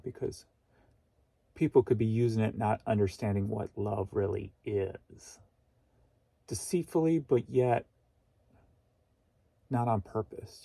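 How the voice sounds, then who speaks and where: A man's voice: on the low side, vocal fry, warm tone, no echo. A man who resells online, talking casually to himself while packing orders. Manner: thinking aloud, muttering to himself.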